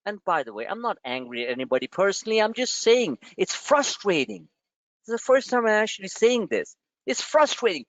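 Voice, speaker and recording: A man's voice: high voice, big pitch swings, a little fast, a bit bright, dry recording. Blunt, ranting New man. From New York. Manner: frustrated, blunt, profane, lecturing. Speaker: trading webinar host. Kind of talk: live webinar rant. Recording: dull dry lo-fi webinar audio.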